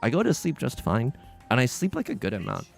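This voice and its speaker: Animated young man chatting on stream. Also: mid-range voice, a little fast, gravelly, soft background music. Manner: rambling, self-deprecating, lots of fillers and restarts; jokey and animated, then subdued and tearful. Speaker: livestream host. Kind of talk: casual stream chat while gaming.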